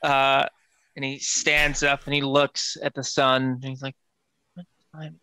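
A man's voice: mid-range voice, completely flat delivery, unhurried, bright, forceful tone, clear, resonant tone, dry recording. A man playing a tabletop game and describing what his character does. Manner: casual, describes own character. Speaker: player.

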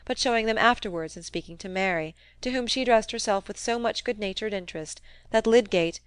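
A woman narrating a classic novel in a measured, even reading voice. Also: medium pitch, smooth, no echo. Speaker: audiobook reader. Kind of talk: scripted narration.

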